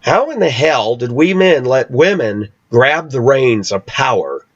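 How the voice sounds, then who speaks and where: A man vlogging a personal story rant, indignant and animated, acting out the quotes as he goes. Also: medium pitch, a little slow, dry recording. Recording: dull, dry lo-fi sound.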